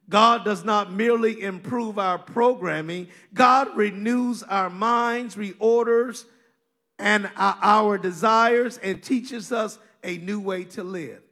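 A man from Kansas preaches in a country accent, pitched high and speaking slowly. He repeats words and leans on fillers as he builds his points. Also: sharp tone. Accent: rural Kansas. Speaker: pastor. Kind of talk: sermon.

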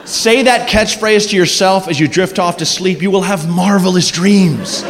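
Brief: lively male stand-up, slightly high voice, echoey club with noise behind. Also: moderate pace. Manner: animated, rambling, self-mocking. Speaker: stand-up comedian. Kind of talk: stand-up routine. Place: comedy club stage.

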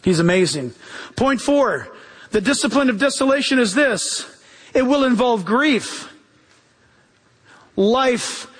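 A man's voice: sits high, a bit bright. A male pastor preaching a fervent sermon, quoting scripture and crying out with exclamations.

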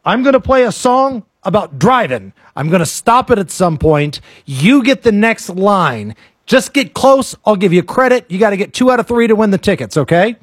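A man's voice: high-pitched, husky, dry recording, clean studio sound. A male radio host, joking energetically through on-air banter. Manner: energetic, playful, quick to joke.

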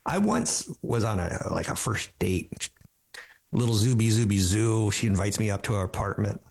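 A man in his fifties hosting a talk radio show, telling animated stories and mocking other people's voices. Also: on the low side, normal speed, creaky, breathy edge. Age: 50s. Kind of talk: casual talk radio monologue.

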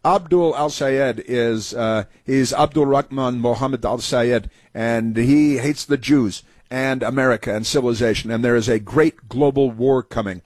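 Husky, scoffing male talk host. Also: mid-range voice, unhurried, few pauses, darkish tone, dry recording. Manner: sarcastic, mocking and indignant. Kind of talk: opinionated talk radio monologue.

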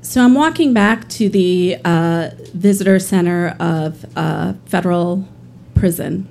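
A woman, a public defender, telling a personal story live in an earnest way, pausing often with fillers. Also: on the low side, creaky, darkish tone. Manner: earnest, pauses with frequent fillers.

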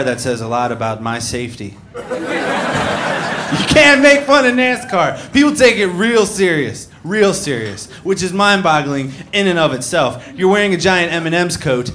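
A man doing a stand-up comedy set on a club stage, telling stories in a dry, sardonic way. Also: a little high. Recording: noisy live club recording.

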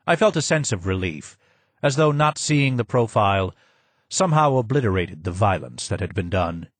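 A man's voice: fairly low pitch, very animated, no room sound. Man narrating an audiobook. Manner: measured, descriptive storytelling. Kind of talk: first-person audiobook narration.

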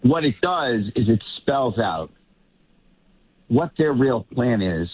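A man commenting on politics in a casual panel talk, rambling with quick asides. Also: medium pitch, sing-song, husky. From Boston area. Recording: tinny phone-like line.

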